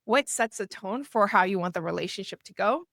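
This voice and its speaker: A woman fundraising coach teaches in a relaxed, chatty way and keeps checking in with the listener. Her voice sits at a middle pitch. The sound is close and dry, with no room echo. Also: fairly quick. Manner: chatty, frequently checks in with "right?" and starts with "so". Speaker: fundraising consultant and educator. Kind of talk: conversational teaching talk to camera.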